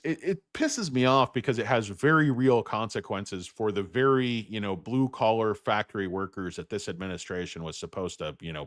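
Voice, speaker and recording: Guy ranting on his stock stream, swears a lot, voice jumps all over, dry close sound. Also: no room sound. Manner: profane, blunt and indignant; swings between loud outbursts and low muttered asides. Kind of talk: livestream rant answering chat.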